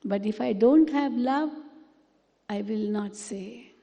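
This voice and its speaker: A woman giving a spiritual class, speaking gently and repeating words for emphasis. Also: a little high, slow pace, vocal fry, highs cut off. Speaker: spiritual teacher. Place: meditation hall. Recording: long hall reverb.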